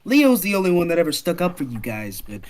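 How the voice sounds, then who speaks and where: A man's voice: a little high, very animated, fast, a little mellow. A man voicing a clingy, emotional young woman in a tabletop game, pleading with an old friend.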